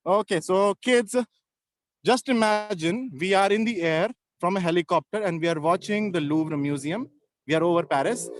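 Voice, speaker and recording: A man's voice: high voice, no echo. A man from India walking outdoors, patiently explaining sights to children in a casual travel vlog. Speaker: travel vlogger addressing children. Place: outdoors in a city square.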